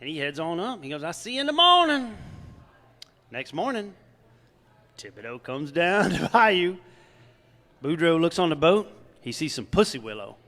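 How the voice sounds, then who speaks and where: A man's voice: on the high side, sing-song, normal speed, long pauses, a bit bright, big-room sound. A man from Louisiana, a podcast co-host, telling a joke casually and swearing freely. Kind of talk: casual chat.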